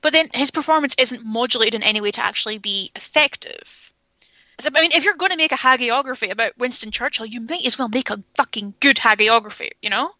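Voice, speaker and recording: Woman, casual film chat, opinionated, bright tone, dry sound. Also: a little high, quick pace, dry recording, poor audio. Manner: opinionated, candid, swears freely. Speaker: film podcast panelist.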